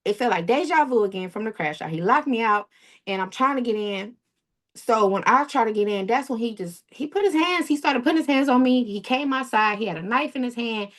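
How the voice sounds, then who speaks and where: A woman's voice: a little high, lively intonation, brisk, a bit bright. A woman, a guest recounting a painful personal story in a rambling, repetitive way. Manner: rambling, repeats herself, acts out quoted speech. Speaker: interview guest. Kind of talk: emotional personal account.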